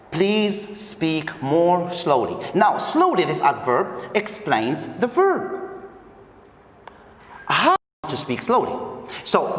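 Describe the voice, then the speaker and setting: A man's voice: on the high side, a bit bright. A male English teacher from Algeria giving a recorded video lesson, repeating key phrases and explaining step by step. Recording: echoey room with long reverb.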